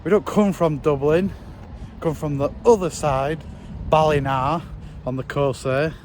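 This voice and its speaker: A man's voice: a little high, measured pace, darkish tone, slight background noise. A man casually vlogging outdoors as a monster truck driver, chatty and wryly self-mocking, recorded on a handheld camera. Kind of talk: casual travel vlog. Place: outdoors at a show site and on a ferry.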